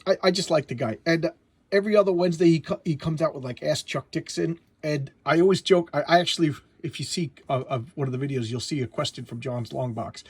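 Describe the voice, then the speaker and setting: Chatty man with a husky voice. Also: a little high, quick pace, dry recording. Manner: chatty, stumbling restarts. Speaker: comic book reviewer. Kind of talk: casual comic review.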